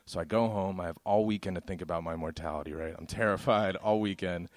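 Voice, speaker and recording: A young man doing stand-up storytelling, animated and laughing through his punchlines. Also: deep voice, fast talker, no echo. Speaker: stand-up comedian.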